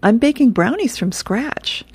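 A woman's voice: a little high, expressive, measured pace, a little mellow, slightly rough, no echo, pitched above the performer's own voice, heavily acted. A woman voicing a touchy, indignant housewife from a comic strip. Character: touchy housewife baking brownies.

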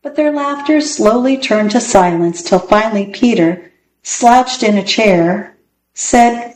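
A woman reading picture books aloud, with clear, expressive storytelling. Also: medium pitch, slow pace, a little hiss or hum. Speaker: storybook reader. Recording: roomy echo.

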